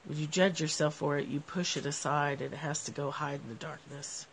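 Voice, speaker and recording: A woman hosting a live stream, talking through spiritual ideas with viewers in a relaxed, reflective way. Her voice is nasal and she laughs often. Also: deep voice, a little fast, a little hiss or hum.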